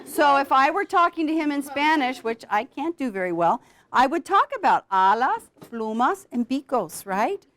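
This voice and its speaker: Animated woman teaching a class. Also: high voice, moderate pace. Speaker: literacy program founder teaching students. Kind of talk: classroom instruction with a read-aloud.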